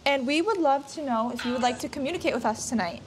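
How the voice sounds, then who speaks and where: A woman running a paranormal investigation for a vlog, slowly questioning spirits and reacting with excitement. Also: high-pitched, heavy background noise. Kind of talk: ghost-hunting vlog. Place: in a tower at night.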